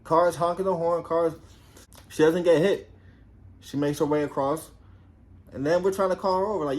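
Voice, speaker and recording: A man's voice: fairly high pitch, normal speed, long pauses. A man who used to be a police officer, telling a story casually, swearing a lot and acting out the voices of people in it. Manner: profane and animated, acts out quoted voices.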